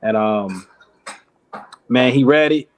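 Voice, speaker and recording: Animated storytelling man from Detroit. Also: medium pitch, slow pace. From Detroit, United States. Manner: animated, laughs often, acts out other people's lines. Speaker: podcast guest, clothing company founder. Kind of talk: casual storytelling.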